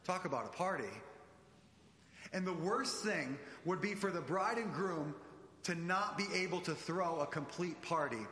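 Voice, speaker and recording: Animated man preaching in echoey church. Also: sits high, unhurried. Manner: animated, addresses congregation directly. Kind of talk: sermon.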